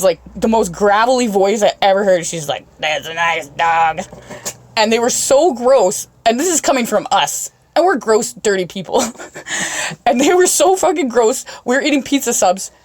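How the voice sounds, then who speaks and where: A woman's voice: mid-range voice, a little mellow, no room sound. A woman hosting a podcast, swearing constantly and laughing her way through rambling road-trip stories. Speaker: podcast host. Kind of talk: casual storytelling chat.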